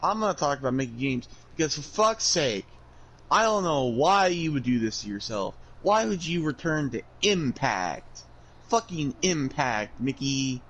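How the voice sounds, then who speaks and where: A man's voice: fairly high pitch, animated, a little slow, a bit bright, a little hiss or hum. A man co-hosting a casual podcast, ranting bluntly with constant profanity. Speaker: podcast co-host.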